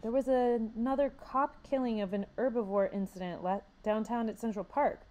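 A woman's voice: fairly high pitch, dark tone, voice pushed up, natural voice. A woman voicing a thoughtful, somewhat hesitant teenage boy in a read-aloud story. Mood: earnest. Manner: hesitant, measured.

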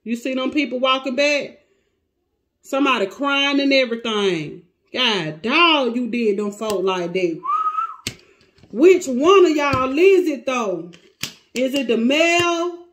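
A woman giving a casual tarot reading, animated and exclamatory, often thinking aloud and breaking off mid-sentence. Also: high-pitched, a little hiss or hum. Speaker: tarot reader.

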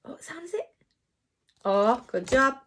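A woman's voice: high voice, animated, slow pace, fairly bright tone, slightly rough. A woman teaching a phonics lesson to young children online, encouraging and sing-song, sounding out letters.

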